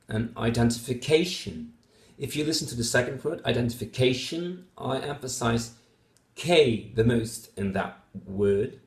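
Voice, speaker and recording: In an echoey room, a phonetics teacher whose first language is Dutch goes through test answers methodically. His mid-range voice has a darkish tone, and he leans on fillers and repeated example words.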